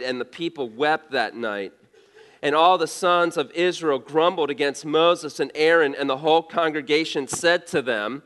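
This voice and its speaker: A man's voice: a little high, a bit bright. A male pastor preaching a sermon in a conversational way, asking rhetorical questions and often restarting his words.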